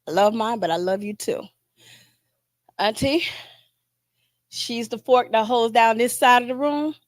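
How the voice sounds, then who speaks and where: A woman, an aunt, giving a heartfelt, informal tribute at a memorial with pauses and restarts. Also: on the high side, dry recording, studio quality. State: choked up, near tears. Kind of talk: emotional memorial speech.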